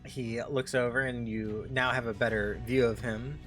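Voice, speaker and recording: A male game master narrating a tabletop game, pausing and restarting as he searches for the right description. His voice sits at a middling pitch, with faint music playing underneath. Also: fairly even intonation. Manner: halting, searching for words while describing.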